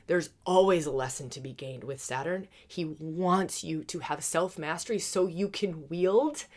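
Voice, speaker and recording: Woman host, low pitch, quick excited delivery with laughs and hushed asides, astrology forecast. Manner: fast, excited, laughing, with sudden soft whispers.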